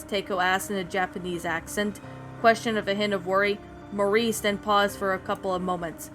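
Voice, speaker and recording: A woman reading a fan-written story aloud in a steady, even voice. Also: mid-range voice, normal speed. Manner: steady, even narration with small slips. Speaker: fan fiction reader. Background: soft background music.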